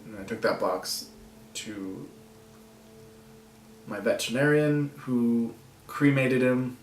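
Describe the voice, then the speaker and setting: A man vlogging to the camera, talking in a soft, halting way with nervous laughs and long pauses. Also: medium pitch, roomy sound, recorded from a distance, a little hiss or hum, poor audio. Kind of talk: personal vlog talking to camera.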